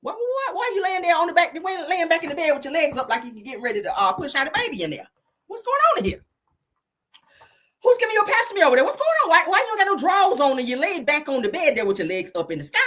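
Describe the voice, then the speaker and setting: A woman putting on an outraged churchgoing mother, scolding in shrill, rapid-fire questions. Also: a bit bright.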